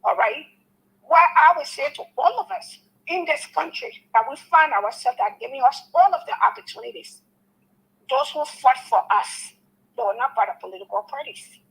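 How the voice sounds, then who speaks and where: A woman's voice: high voice, lively intonation, moderate pace, vocal fry, a bit bright, poor audio. A woman calling in to a talk show, speaking earnestly and with a preaching, repetitive manner. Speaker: caller. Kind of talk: call-in talk.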